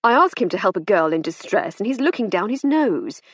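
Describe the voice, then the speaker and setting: A dutiful male police inspector, as a woman narrator puts him on, polite and firm with a patient manner. The husky voice moves lively through its range, recorded dry and close. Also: mid-range voice, a little fast, dry recording. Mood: indignant.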